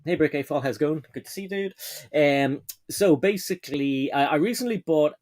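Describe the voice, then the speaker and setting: A man's voice: on the high side, fairly quick, a little mellow. A man hosting a casual live stream from home, chatting and reading viewer comments aloud, often correcting himself.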